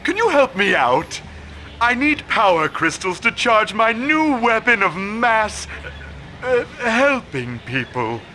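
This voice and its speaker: A man's voice: sits high, sing-song, slow pace, sharp tone, slight background noise, full character voice. An actor playing a scheming male mad scientist who puts on a sly, falsely innocent manner, in a video game cutscene.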